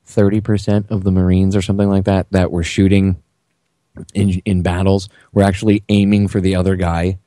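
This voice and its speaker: A man hosts a casual political talk radio show in a deep, mellow voice. He makes blunt, wry, matter-of-fact remarks, and his voice sounds close and dry. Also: flat delivery, fairly quick, no echo.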